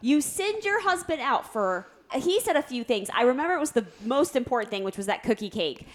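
A middle-aged woman co-hosting a podcast, telling stories about her family in a bubbly, expressive way. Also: sits high, fairly quick. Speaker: podcast co-host. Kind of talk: casual family chat.

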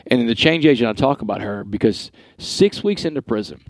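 A middle-aged man from Texas, a guest telling his life story in an earnest, animated way with quoted dialogue. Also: medium pitch, brisk, no room sound. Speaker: guest speaker. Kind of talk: storytelling interview.

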